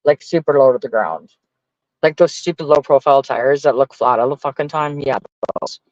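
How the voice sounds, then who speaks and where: A man's voice: mid-range voice, normal speed, dry recording, highs cut off. A man venting casually to his stream viewers, profane and exasperated as he rants. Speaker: livestreamer talking to chat.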